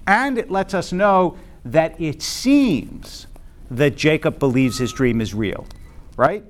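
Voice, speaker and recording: Higher-voiced man teaching a Bible class. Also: lively intonation, slow pace, slight background noise. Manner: conversational, checks in with "right?", frequent "um". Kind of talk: informal class lecture. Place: classroom with a group present.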